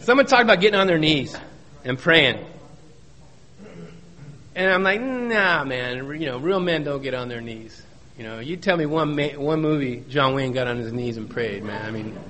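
A man's voice: mid-range voice, animated, moderate pace, a bit bright. A middle-aged man giving a personal testimony at a recovery meeting, folksy and joking, repeating key phrases for emphasis. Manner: folksy storytelling with joking asides.

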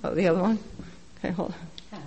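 A woman's voice: on the low side, brisk, lo-fi sound, noisy background. A middle-aged woman giving a candid, profane recovery share at a meeting, telling her story bluntly and with self-mockery.

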